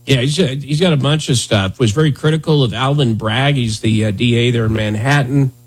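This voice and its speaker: A man's voice: medium pitch, brisk, slightly rough. A man in his thirties hosting a podcast in casual comedic chat, sarcastic and rambling with jokey asides. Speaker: podcast host.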